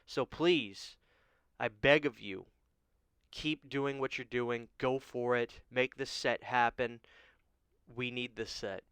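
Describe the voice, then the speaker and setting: A man's voice: medium pitch, fairly even intonation, slow pace, fairly bright tone, smooth, no room sound. A man hosting a horror vlog, giving an emotional, pleading rant and often asking "okay?". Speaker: horror channel host. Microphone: studio microphone.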